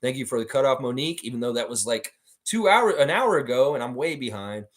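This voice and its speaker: A man's voice: medium pitch, animated, fairly quick. Blunt man hosting a livestream chat. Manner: blunt, swears freely; talks about himself in the third person. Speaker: sports livestream host. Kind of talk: casual livestream chat reading viewer comments.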